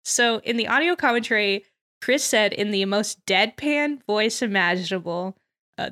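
A woman hosting a podcast in casual chat, recapping scenes with lively energy, laughing often and acting out characters' lines. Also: medium pitch, moderate pace, background noise. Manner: animated, laughs often, acts out quotes. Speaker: podcast host.

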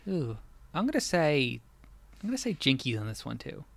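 A woman guest on a podcast, thinking aloud and making quick, offhand guesses in a trivia quiz. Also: very deep voice, very animated, creaky. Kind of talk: casual chat, guessing in a quiz.

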